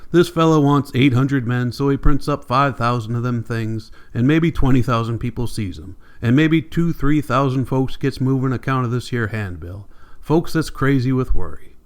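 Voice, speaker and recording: A man's voice: mid-range voice, normal speed, natural voice. A man reading an audiobook, voicing a ragged, bitter and nervous migrant man who speaks in urgent rural talk. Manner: earnest, urgent warning in rural speech.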